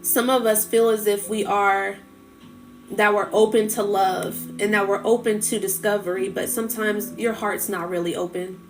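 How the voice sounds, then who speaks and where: A woman's voice: medium pitch, steady tone, moderate pace, faint music behind. A woman hosting a spiritual livestream, speaking in a heartfelt, rambling way full of fillers, getting tearful as she talks about healing. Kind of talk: emotional casual livestream talk.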